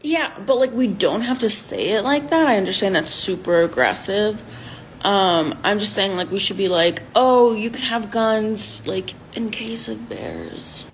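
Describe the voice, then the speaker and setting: A woman's voice: medium pitch, animated, a little slow, a little hiss or hum, low-quality recording. A woman playing an eager, dim young male delegate who rambles and halts with fillers.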